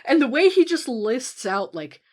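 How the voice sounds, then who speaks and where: A woman's voice: sits high, big pitch swings, unhurried, a little mellow. A woman co-hosting a podcast, chatting casually and enthusiastically about a film, laughing often and trailing off into fillers. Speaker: podcast co-host.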